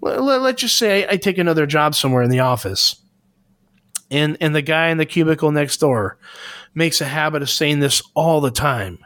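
A man's voice: a little high, animated, moderate pace, a bit bright, no room sound, studio quality. A man co-hosting a casual podcast discussion, speaking earnestly and hunting for the right words with many restarts. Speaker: podcast co-host.

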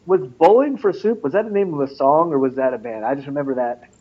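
A man's voice: on the high side, lively intonation, fast talker, husky, lo-fi sound. A man chatting casually about nineties music, rambling through restarts and "like" as he hunts for his point. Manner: rambling, many restarts and fillers.

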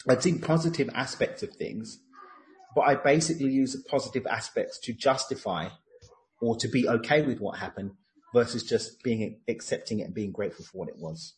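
A man's voice: medium pitch, expressive, fairly quick, poor audio. A man in casual conversation, talking earnestly about a personal insight and acting out his own inner thoughts. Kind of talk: reflective casual chat.

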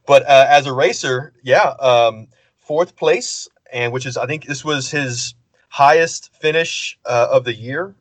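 A man co-hosting a podcast, talking in an easygoing, relaxed way with many fillers like "uh" and "you know". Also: mid-range voice, measured pace, no echo. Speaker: podcast co-host. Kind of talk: casual chat.

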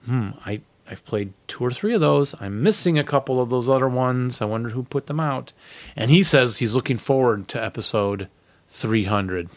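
A man's voice: mid-range voice, animated, moderate pace. A man co-hosting a podcast, reading listener letters aloud in casual chat and laughing easily. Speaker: podcast co-host.

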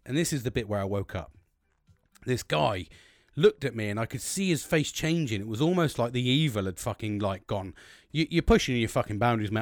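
A British man spins a rambling, profanity-laced story, his pitch leaping all over the place. He keeps breaking into laughter at his own tale. The voice sounds close and dry, with no room sound. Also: no room sound. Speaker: host recounting his dreams. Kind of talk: casual storytelling monologue.

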